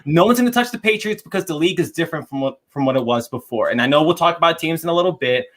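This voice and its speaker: A man's voice: on the high side, animated, racing, fairly bright tone. A young man co-hosting a casual podcast, giving firm opinions and answering the live chat. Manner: confident, reads chat aloud, emphatic opinions. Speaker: podcast co-host.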